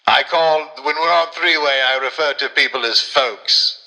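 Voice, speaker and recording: A man's voice: fairly high pitch, moderate pace, pushed and bright. A man hosting an improvised comedy sketch, playing a bossy, theatrical scheming boss. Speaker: host.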